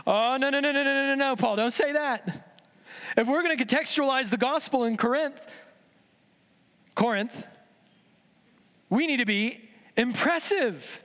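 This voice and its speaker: A man's voice: very high voice, a little slow, pauses often, fairly bright tone, big-room sound, pitched above the performer's own voice. A preacher voicing an anxious, status-minded male church member who pleads and frets. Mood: pleading. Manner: pleading, flustered.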